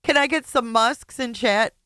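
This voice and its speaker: A woman's voice: a little high, normal speed, bright, forceful tone, clean tone, dry recording, studio quality. A woman host reacting to a clip with blunt, angry commentary and heavy swearing.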